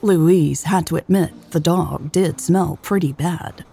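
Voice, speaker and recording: Slow, gravelly woman narrator. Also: on the low side, dark tone, slight background noise. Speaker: audiobook narrator. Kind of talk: scripted romance narration.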